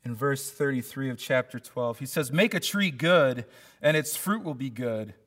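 This pastor's medium-pitched voice is expressive and fairly bright, moving at a moderate pace. He delivers his sermon in an earnest, chatty way, often backing up to restart phrases.

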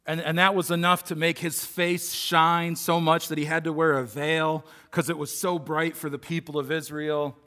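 A man's voice: fairly high pitch, little pitch movement, moderate pace, few pauses, sharp tone. A man preaching a sermon in an earnest, conversational way, often restarting his phrases. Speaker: pastor.

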